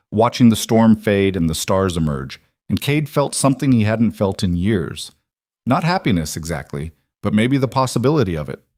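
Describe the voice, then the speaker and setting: A man reading a western story aloud in a measured, scripted narration. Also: on the low side, darkish tone, no echo, studio quality.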